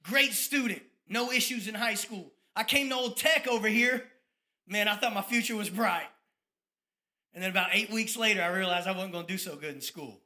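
A man, giving a fired-up testimony sermon about his ministry, at times dropping to soft reflective tones. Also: sits high, moderate pace. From Tampa, Florida. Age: 30s.

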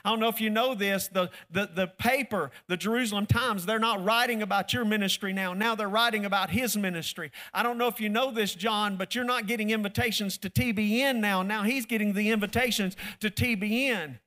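A male pastor with a high, ringing voice delivers a folksy sermon. He leans hard on key phrases and calls on the congregation to answer back. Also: fairly quick, few pauses, sharp tone.

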